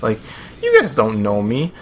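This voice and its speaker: A man's voice: on the low side, huge pitch swings, unhurried, a little hiss or hum. A young man with a Buffalo, New York accent giving casual, rambling video game commentary in a chatty, self-amused way. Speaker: gameplay commentator.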